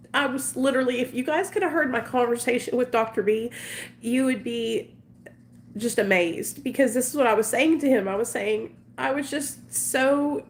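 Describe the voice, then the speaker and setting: A high-voiced vlogger in her forties talks openly to her viewers with slight background noise present. Her delivery is emotional and sincere, meandering and peppered with fillers.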